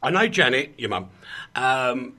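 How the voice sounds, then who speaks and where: Cockney guy hosting a radio chat, jokey, really animated pitch, a bit husky. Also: unhurried. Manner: jokey, laughing, bantering. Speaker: radio show host.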